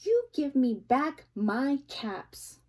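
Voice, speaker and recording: A woman voicing an angry grown man, a cap peddler in a storybook, who scolds and shouts. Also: high-pitched, big pitch swings, drawn-out words, pitched above the performer's own voice, full character voice. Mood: angry scolding.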